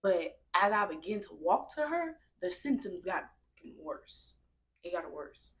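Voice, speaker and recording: Young woman, low-pitched voice, animated, chatty, storytime vlog, faint background noise. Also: unhurried. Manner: animated, chatty, addresses viewers as y'all. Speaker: vlogger. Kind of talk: casual storytime.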